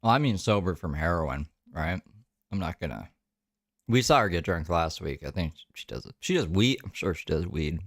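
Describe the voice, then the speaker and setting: A man with a very low, deep voice gives blunt, mocking commentary full of profanity. The sound is dry and close, with no room echo around his voice. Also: animated, moderate pace. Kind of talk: reaction commentary.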